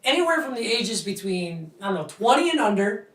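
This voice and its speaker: A man co-hosts a casual podcast chat and rambles through his story with loose profanity and a steady stream of "dude" and "bro". His voice sounds roomy, and it comes from some distance away from the mic. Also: high voice, brisk. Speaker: podcast co-host.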